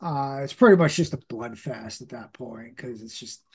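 On his podcast, a man gives a loose, rambling recap of a comic book story, packed with fillers and restarts. He has a mid-range, slightly rough voice with a darkish tone and moderate pace.

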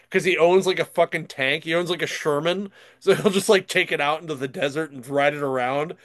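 A man's voice: on the high side, moderate pace, no echo, clean studio sound. A man chatting casually and telling stories as a podcast host, rambling with lots of fillers and frequent laughter. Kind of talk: casual chat, storytelling.

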